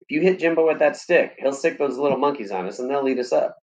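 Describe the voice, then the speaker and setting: A man's voice: mid-range voice, animated, fast talker, voice pushed up, lightly acted. A man reading aloud, voicing an eager young farm boy who pleads and exclaims.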